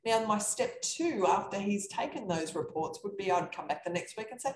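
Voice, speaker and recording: A woman coaching real estate investors, talking in a lively, animated way on a live podcast chat over a video call. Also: medium pitch, moderate pace. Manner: energetic, animated storytelling. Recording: echoey room with faint background noise.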